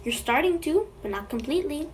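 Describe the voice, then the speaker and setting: A woman's voice: high voice, animated, fairly quick, a little hiss or hum. A woman making a slime vlog, playfully chatting to the slime as if it were alive, recorded on a phone. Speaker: slime video creator.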